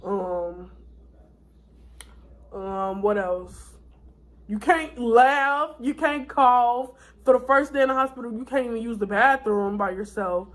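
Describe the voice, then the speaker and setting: A woman's voice: a little high, takes it slowly. Tired young woman telling a personal story. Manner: candid, rambling, with fillers and restarts. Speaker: vlogger. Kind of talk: casual storytime vlog.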